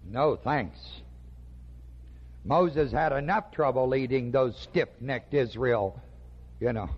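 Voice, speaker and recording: A man preaching a sermon slowly and emphatically, with dramatic pauses. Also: medium pitch, slightly rough. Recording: dull lo-fi recording with long hall reverb.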